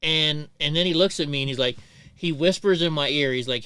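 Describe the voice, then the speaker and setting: A middle-aged man hosts a casual livestream and tells long, profane stories, full of restarts and asides. His voice is bright and crisp, with a close, dry sound. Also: fairly high pitch, a little fast, no echo. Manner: rambling, profane, many restarts. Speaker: livestream host.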